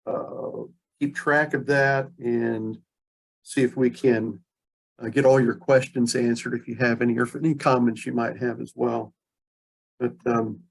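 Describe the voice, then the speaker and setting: A man hosting an online reading on a video call, praising his guest and chatting in a rambling way. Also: mid-range voice. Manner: warm, rambling, full of praise. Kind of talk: casual interview.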